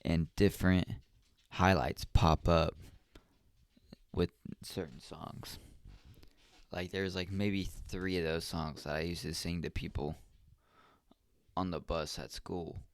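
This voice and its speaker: Young male podcast host, slow and rambling, reflective, dry close sound. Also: low voice, steady tone, dry recording. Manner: rambling and reflective, with many ums and restarts. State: yawning often. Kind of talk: casual solo podcast talk.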